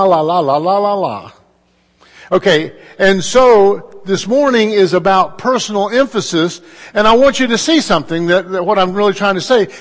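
A man preaching a sermon as pastor, in a measured style with emphatic pauses and conversational asides. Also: high voice, in a large hall.

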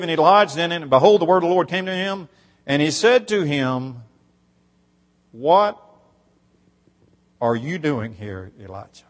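High-voiced preacher in a reverberant hall. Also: male voice, fairly bright tone. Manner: emphatic, rising on repeated phrases, reads scripture aloud. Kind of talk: sermon.

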